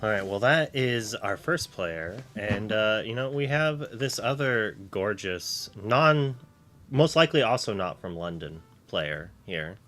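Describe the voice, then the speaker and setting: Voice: medium pitch, animated, a little slow, a bit bright, soft background music. A co-caster on a live card game stream who speaks hesitantly and makes fun of themself. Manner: hesitant, self-deprecating.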